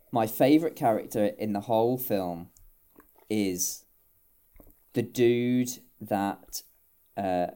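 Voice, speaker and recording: Animated man retelling film scenes. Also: fairly low pitch. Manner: animated storyteller, acting out quotes with laughs. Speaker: podcast co-host. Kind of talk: casual film chat.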